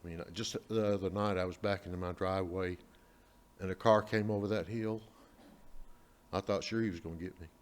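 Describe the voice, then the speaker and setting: A man with a lowish voice speaks as a local resident at a council meeting. He is earnest and a little hesitant. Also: steady tone, brisk. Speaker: resident giving public comment. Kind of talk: public comment at a meeting.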